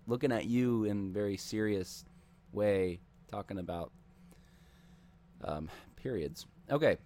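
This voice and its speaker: A man's voice: lowish voice, mellow. A man casually commenting on videos he plays, wry and rambling, often asking questions aloud.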